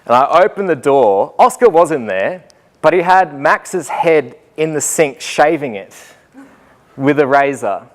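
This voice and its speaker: A man giving a talk to an audience, telling a lively anecdote and acting out the voices of the people in it. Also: a little high, unhurried. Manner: animated storyteller, acts out voices. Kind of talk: storytelling conference talk.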